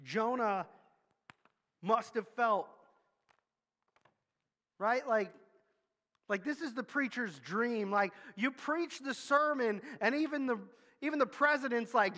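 A man's voice: very high-pitched, lively intonation, slow pace, pauses often, sharp tone. A man preaching a sermon in a candid, conversational storytelling way. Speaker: pastor. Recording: long hall reverb.

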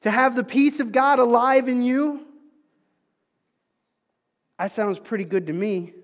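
A man preaches from the pulpit in a high, light voice. He shifts between easy conversational asides and loud, pressing questions to the congregation. The sound carries a long, echoing church reverb. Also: unhurried. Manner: conversational preaching, rising to emphatic calls, dropping to soft asides. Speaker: pastor. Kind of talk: sermon.

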